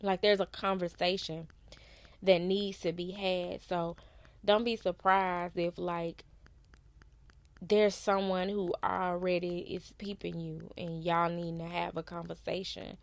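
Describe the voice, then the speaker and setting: Woman doing a chill tarot reading, kinda low and even, talks slow and easy. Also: vocal fry, no echo. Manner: unhurried, conversational, loose slang. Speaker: tarot reader. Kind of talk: casual spiritual reading.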